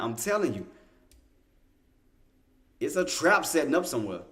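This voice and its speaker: A man's voice: on the high side, moderate pace. A man hosting a day-trading livestream, talking through the chart live, repeating himself, restarting sentences and getting insistent. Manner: talks to himself, repeats phrases, restarts often; excited, insistent bursts. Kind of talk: live market commentary.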